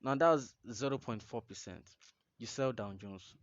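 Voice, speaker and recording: A man's voice: mid-range voice, measured pace. Emphatic man teaching trading, lo-fi. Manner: repetitive, emphatic, instructive, often asks "you understand?". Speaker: trading coach. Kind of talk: screen-share trading tutorial.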